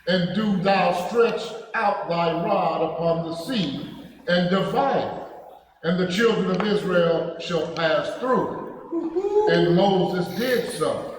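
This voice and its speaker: A man reading scripture aloud in a measured, deliberate way during a Bible study. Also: sits high, expressive. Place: church hall. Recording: distant mic in an echoey hall with faint noise.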